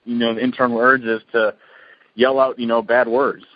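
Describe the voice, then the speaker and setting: A man's voice: medium pitch, level tone, normal speed, lo-fi sound. A man co-hosting a podcast in casual chat, rambling with lots of "you know". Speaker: podcast co-host.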